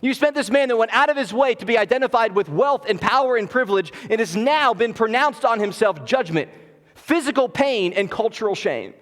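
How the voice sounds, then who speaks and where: A man preaching from the pulpit with a notably high voice, swinging between loud, emphatic declarations and hushed, intimate passages. His sermon rings through a church sanctuary with a long, lingering reverb. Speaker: pastor.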